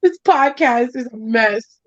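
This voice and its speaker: A high-voiced woman hosts a casual podcast chat and tells a story with lots of acted-out quotes and swearing. The sound is dry and a bit dull, like a lo-fi home setup. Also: slow, no echo. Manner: animated storytelling, acts out quotes, swears freely. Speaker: podcast host.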